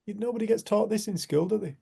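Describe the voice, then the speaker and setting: A man with a gravelly, rather dark voice speaks to a community group. He tells his story in an earnest, unhurried way. His talk is reflective and spiritual. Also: high-pitched.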